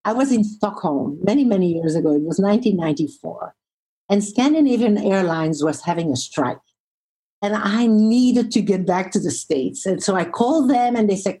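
A woman, a relationship therapist, telling a story as an interview guest, expressive and slowing down for emphasis. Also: mid-range voice, husky, low-quality recording.

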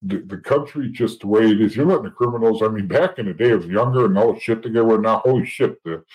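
A middle-aged man telling rough stories in a blunt, profane way, rambling with frequent restarts. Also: lowish voice, quick pace, darkish tone, poor audio. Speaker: guest. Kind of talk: casual storytelling.

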